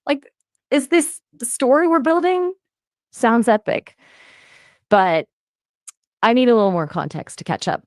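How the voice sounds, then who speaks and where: A synthetic-sounding woman's voice as an AI conversation partner, upbeat and playful, with lively jumps in pitch. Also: measured pace, pauses often, no echo, studio quality. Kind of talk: chatty voice assistant conversation.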